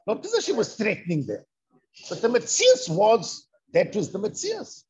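A man giving a lively Torah lecture, firing rhetorical questions and answering them himself. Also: high voice, normal speed, slightly rough. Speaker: Torah teacher. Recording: dull lo-fi recording.

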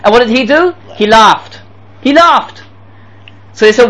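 A man's voice: very high voice, expressive, fairly quick, fairly bright tone, rough recording. A man teaching a Torah lecture to his students, emphatic, repeating key phrases and asking the class rhetorical questions. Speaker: yeshiva teacher.

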